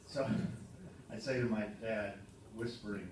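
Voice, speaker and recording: Low-voiced man joking in an echoey hall. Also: fairly even intonation, noisy background. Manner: halting, dry humorous storytelling with many ums. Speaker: son giving a birthday tribute. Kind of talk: speech to a party audience. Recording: echoey hall from a distant mic. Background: room ambience and audience laughter.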